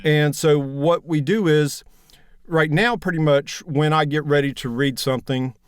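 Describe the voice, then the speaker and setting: A man in his fifties speaks with a broad Southern drawl, easygoing and plainspoken as he talks about his narration work. His voice sits a little high for a man. The sound is dry and close, with no room echo. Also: measured pace, smooth. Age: 50s. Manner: relaxed, plainspoken, folksy. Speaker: audiobook narrator guest. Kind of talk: casual interview chat.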